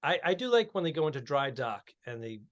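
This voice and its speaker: A man's voice: medium pitch, very animated, fairly quick. A man co-hosting a comedy podcast, joking and chatting casually, often speaking straight to the listeners. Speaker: podcast co-host and comic.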